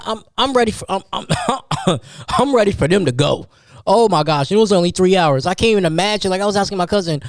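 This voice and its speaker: Solo podcast host, man in his thirties, a bit high-pitched, rambling with restarts, dry recording. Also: dry recording. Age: 30s. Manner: rambling animated storytelling with restarts. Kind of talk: casual solo podcast monologue.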